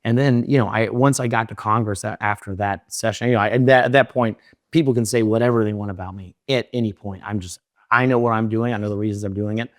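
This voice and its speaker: A young man telling his story in an interview, rushing in run-on sentences full of fillers and restarts. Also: fairly low pitch, steady tone, no echo, clean studio sound. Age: young adult. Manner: fast, run-on talk with many fillers and restarts. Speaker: interview guest.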